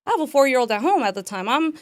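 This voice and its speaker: Speaking rapid-fire in a somewhat high voice, this twenty-something woman shares her own story as a podcast guest. She's casual and animated, acting out what people said and peppering her talk with "like" and "man," captured in a dry, close recording with no echo.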